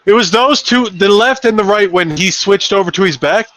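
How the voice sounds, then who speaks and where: A man's voice: sits high, moderate pace, dry recording. A man co-hosting a live fight betting stream, bantering casually, swearing a lot and acting out what people said. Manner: animated storytelling, swears a lot, acts out quotes.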